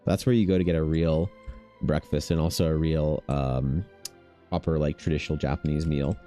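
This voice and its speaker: A man's voice: extremely low pitch, steady tone, normal speed, dark tone, faint music behind. A man chatting casually on a stream in a laid-back, slangy, rambling way. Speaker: streaming artist. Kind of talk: casual chat on a livestream.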